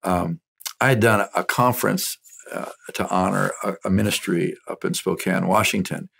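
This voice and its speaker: Gravelly man telling a story. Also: on the low side. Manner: animated storyteller acting out quoted dialogue. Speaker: minister and speaker. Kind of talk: storytelling testimony.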